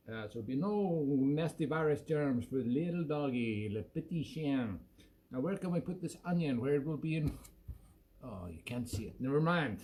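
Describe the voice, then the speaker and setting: A man's voice: a little high, warm tone, natural voice. A man hosting a live music stream while putting on a tipsy, pompous Frenchman with a put-on French accent, rambling and self-mocking. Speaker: musician host.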